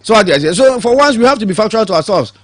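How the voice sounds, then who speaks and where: A man's voice: high-pitched, lively intonation, racing, dry recording, studio quality. A man with a Ghanaian accent, arguing as a panelist in a heated TV debate, switching between English and Twi and repeating words for emphasis.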